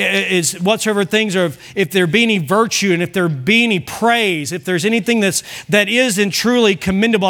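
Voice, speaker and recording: A man's voice: high-pitched, fairly bright tone. A man preaching a sermon as pastor, pressing his congregation with emphatic rhetorical questions. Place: church sanctuary.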